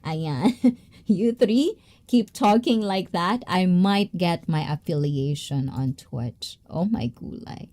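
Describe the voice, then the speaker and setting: A Filipina woman chats on her livestream with an excitable, giggly energy. Her pitch leaps around lively and she slips easily between languages. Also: slow pace. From Philippines. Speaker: livestream host. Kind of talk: casual livestream chat.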